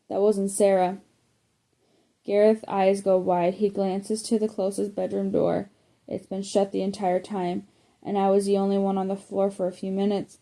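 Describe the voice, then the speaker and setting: A woman's voice: mid-range voice, gravelly, dark tone. A woman narrating a first-person middle-grade audiobook, reading plainly with occasional slips and self-corrections. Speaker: audiobook reader.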